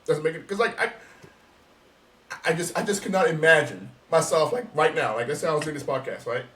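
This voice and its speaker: A man co-hosting a casual podcast, talking in an animated, emphatic and profane way. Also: a little high, a little fast, recorded from a distance, slight background noise. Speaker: podcast co-host.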